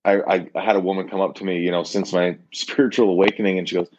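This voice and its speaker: A man's voice: deep voice, level tone, quick pace, noisy background. A man co-hosting a casual talk about addiction recovery, hesitant and rambling, with many restarts. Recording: dull lo-fi sound.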